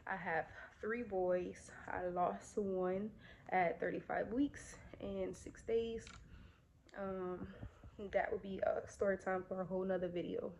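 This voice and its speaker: Young woman, vlogger, out of breath, chatty storytime, mid pitch, faint background hiss. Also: steady tone, slow, vocal fry, a little mellow. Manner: chatty, many fillers, addresses viewers directly. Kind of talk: casual storytime vlog.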